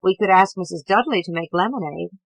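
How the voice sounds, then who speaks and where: A woman's voice: fairly low pitch, brisk, gravelly, no room sound, rough recording. A woman reading a witty young woman who speaks with polite, sly irony. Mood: wry.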